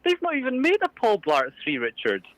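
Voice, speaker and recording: A man's voice: high-pitched, wildly swooping pitch, a little fast, fairly bright tone, no room sound, low-quality recording. A man with a Scottish accent from Scotland, calling in as a priest and complaining in an exasperated way. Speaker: caller posing as a priest. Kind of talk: comic call-in.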